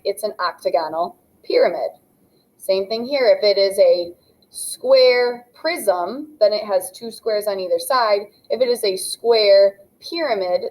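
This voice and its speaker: A woman's voice: medium pitch, a little mellow, poor audio. Young adult female math teacher, patient, step-by-step classroom explainer. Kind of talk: classroom lesson narration.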